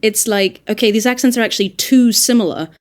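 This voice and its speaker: Speaking briskly in a mid-range voice, this woman, a dialect coach, thinks out loud during a relaxed podcast conversation. Her delivery is lively and emphatic.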